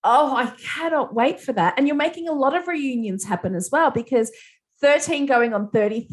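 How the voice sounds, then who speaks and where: A woman interviewing a film director, effusive and quick to laugh. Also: high-pitched. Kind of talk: entertainment interview.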